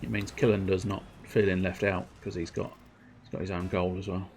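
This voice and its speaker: A man giving excitable, self-mocking running commentary on his own gameplay while streaming, sometimes turned away from his microphone. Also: low voice, a little fast, slight background noise. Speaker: livestreamer. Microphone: desk microphone, sometimes turned away.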